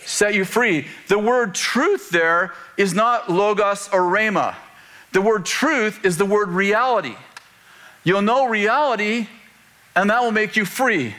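Joking pastor, fairly high voice. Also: male voice, sharp tone. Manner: conversational, joking asides with chuckles. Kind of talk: sermon. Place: church before a congregation.

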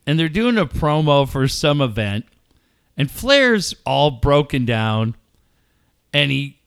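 Radio co-host, male, bright tense tone, animated swooping delivery, quick laughs. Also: on the high side, vocal fry, smooth. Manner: animated storyteller, laughing through wrestler impressions. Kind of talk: casual sports radio banter.

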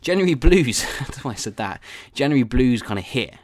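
A man's voice: medium pitch, fast, dry recording, clean studio sound. A man hosting a solo podcast, rambling off-topic in a self-deprecating way with casual swearing. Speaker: podcast host.

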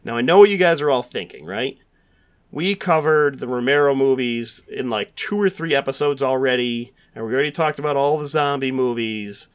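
A man's voice: mid-range voice, normal speed, smooth. A man hosting a podcast, chatting casually with lots of fillers and restarts. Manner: rambling, filler-heavy, frequent restarts. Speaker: podcast host.

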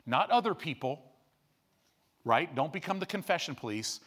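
At a moderate pace, a middle-aged pastor delivers an animated sermon that moves between hushed low asides and loud peaks.

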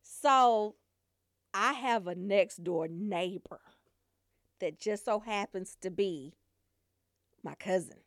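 A woman's voice: mid-range voice, slow, pauses often, no echo, clean studio sound. A woman telling a funny family story in a loose, casual way, laughing often and acting out her relatives. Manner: animated, laughs often, acts out family members. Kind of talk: comic storytelling.

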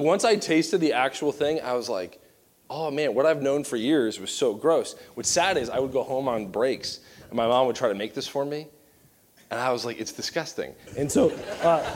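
A young man from Virginia giving an animated, self-mocking sermon full of storytelling. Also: medium pitch, a little hiss or hum. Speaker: pastor.

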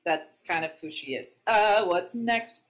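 A woman's voice: fairly low pitch, measured pace. A woman co-hosting a casual podcast chat, who talks playfully and eggs the guest on. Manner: playful, egging on.

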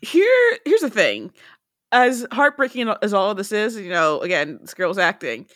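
A woman's voice: medium pitch, sing-song, normal speed, fairly bright tone, dry recording, studio quality. A woman co-hosting a podcast, chatting casually and teasing with jokes. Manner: joking, teasing commentary with laughs. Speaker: podcast co-host. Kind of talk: casual recap chat.

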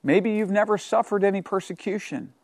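A middle-aged man preaching a radio sermon, reading scripture aloud and exhorting his listeners in an earnest way, moving from loud declarations to hushed asides. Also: sits high, steady tone, fairly quick, dry recording. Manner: dynamic, swings from loud to hushed. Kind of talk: radio sermon and Bible teaching.

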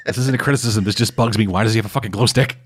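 A man casually recapping a comic book on a podcast, rambling and swearing often, with dry, deadpan asides. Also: on the low side, racing, slightly rough. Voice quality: rambling, profane, deadpan summary. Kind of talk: casual chat.

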